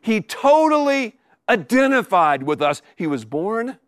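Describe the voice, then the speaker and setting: A middle-aged man preaching in a high, lively voice that swings up and down, with slow deliberate pacing. He repeats key words for emphasis. The sound is dry and close. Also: clean tone, no echo. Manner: animated preaching with emphatic repetition. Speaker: pastor. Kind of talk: sermon. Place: live before a congregation.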